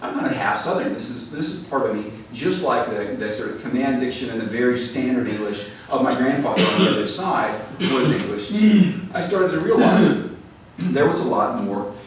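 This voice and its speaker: A man's voice: mid-range voice, lively intonation, normal speed. A man giving a talk to an audience, telling stories in a chatty way with fillers and restarts. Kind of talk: lecture to a live audience. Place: library event hall. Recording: echoey hall, mic at a distance, faint noise.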